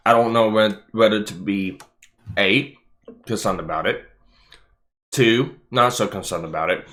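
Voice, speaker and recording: A man hosting a casual livestream chat, excitable and swearing freely, laughing often. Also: on the low side, measured pace. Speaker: stream host.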